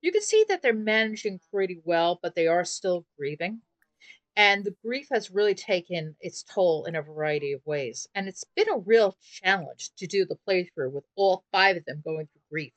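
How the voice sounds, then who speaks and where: Woman gaming host, casual chatty commentary, lower voice, dry close sound. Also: lively intonation, moderate pace, no echo, low-quality recording. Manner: chatty retelling, loose run-on sentences. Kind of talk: life simulation gameplay commentary.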